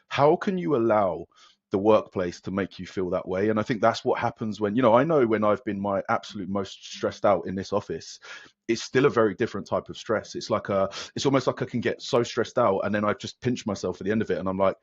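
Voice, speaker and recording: A man who works as a fitness coach, chatting as a podcast guest, telling stories in a rapid, animated way with lots of restarts. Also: lowish voice, breathy edge, dry recording. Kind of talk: casual podcast conversation. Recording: dull, dry lo-fi sound.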